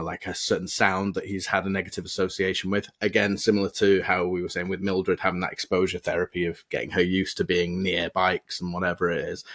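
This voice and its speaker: Low-voiced man, guest expert; calm, practical, explanatory delivery. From United Kingdom. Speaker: guest dog behaviourist. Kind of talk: casual advice on a podcast.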